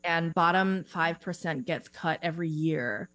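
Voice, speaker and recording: Casting note: a woman career coach, chatty and warm-paced, low-ish voice, very dry close sound. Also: measured pace, dry recording. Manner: chatty, animated, frequent "like" fillers. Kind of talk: podcast interview. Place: home office, remote call.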